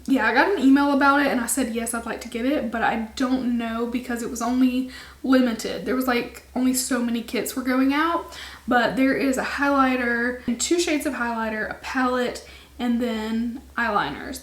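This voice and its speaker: A woman's voice: fairly high pitch, roomy sound. A young woman, a beauty vlogger, chatting casually to camera in a rambling way with lots of ums, her voice starting to wear out.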